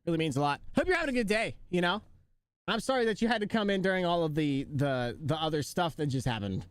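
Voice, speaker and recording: Guy chatting with his stream, high voice, jokes around and laughs a lot, lively ups and downs. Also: fast, clear, resonant tone, dry recording. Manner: joking, laughing often, chatting to viewers. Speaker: live streamer. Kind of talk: casual live-stream chat.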